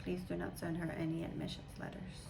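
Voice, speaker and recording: A woman in her thirties, a mother chatting casually with her daughter, talking in long, animated, meandering stretches. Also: fairly low pitch, quick pace, gravelly, background noise. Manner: chatty, animated storytelling with imitations. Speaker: mother, channel host. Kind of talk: casual chat.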